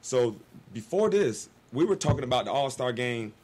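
A man, a guest telling a long story in casual talk on a radio show, animated and acting out the people he quotes. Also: medium pitch, moderate pace, slight background noise.

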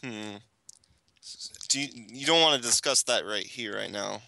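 A man's voice: lowish voice, normal speed, creaky, bright, forceful tone, dry recording. A man playing a tabletop game, reacting with lots of short interjections. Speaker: player. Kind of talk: casual tabletop game chat.

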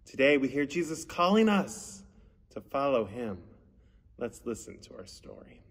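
A man as pastor giving a lively children's sermon, telling the story with animated shouted quotes. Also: mid-range voice, measured pace, breathy edge. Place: church sanctuary. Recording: long church reverb.

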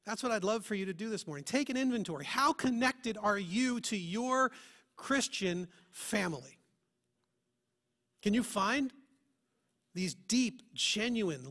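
A male pastor delivering a sermon in a church. His voice runs high and bright, and he presses his points with earnest rhetorical questions. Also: lively intonation, slow.

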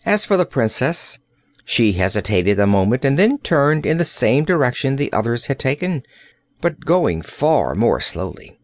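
Slow, expressive male audiobook narrator. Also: medium pitch, no room sound. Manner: expressive storytelling. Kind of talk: scripted narration.

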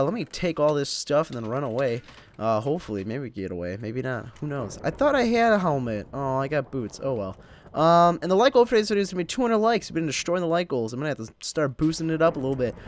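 A young man from Illinois hosting his gaming channel, rambling casually to himself and the viewers while he plays. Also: on the high side. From Illinois, United States. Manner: rambling, chatty, self-talking while playing. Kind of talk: casual gameplay commentary.

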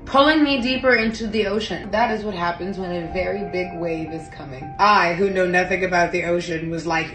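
A woman's voice: fairly low pitch, fairly even intonation, a little fast, few pauses, fairly bright tone. A young adult woman telling a self-mocking comic story as a vlogger while doing her makeup. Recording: echoey room with faint music.

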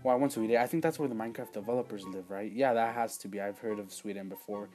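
A man giving casual let's-play commentary as a gaming channel host, rambling and excitable, with sudden loud outbursts and quiet asides. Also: on the low side, quick pace, soft background music.

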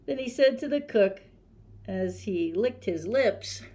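A woman librarian reading a picture book aloud to children in a gentle, animated storytelling manner. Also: medium pitch, takes it slowly.

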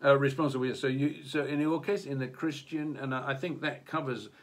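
In Japan, a man co-hosts a casual discussion about religion, his mid-range voice fairly even in intonation and fairly quick. He speaks hesitantly, restarting often and leaning on fillers.

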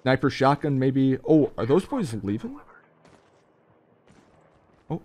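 A young man takes it slowly while giving his viewers live, slang-heavy commentary on a mobile shooter game. He's excitable and occasionally lets out sudden high yelps.

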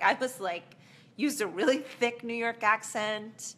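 An actress casually answering fan questions in a live Q&A, chatty and rambling, with plenty of fillers and small laughs. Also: female voice, medium pitch, measured pace, bright, forceful tone.

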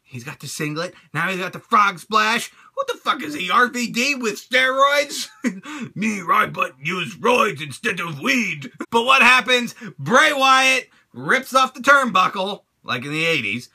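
A man hosting his own channel, reviewing a wrestling show in an animated, crude rant full of swearing and laughter. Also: sits high, unhurried, husky.

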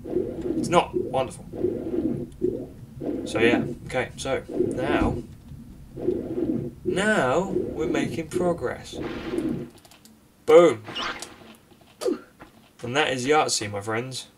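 A man's voice: mid-range voice, expressive, far from the mic, very noisy. Sarcastic man narrating a game from afar. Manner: sarcastic, self-mocking, quick outbursts at the game. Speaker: gaming commentator. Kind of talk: let's play commentary.

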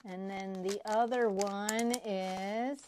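Slow-talking excitable woman unboxing prizes. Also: medium pitch, a little hiss or hum. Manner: gushing, excitable, repeats herself. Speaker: crafting vlogger. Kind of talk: casual unboxing vlog.

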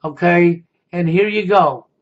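High-voiced confrontational man, lo-fi. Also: measured pace. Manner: confrontational, repeats "okay?". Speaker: YouTube commentator. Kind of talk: accusatory monologue. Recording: dull lo-fi sound.

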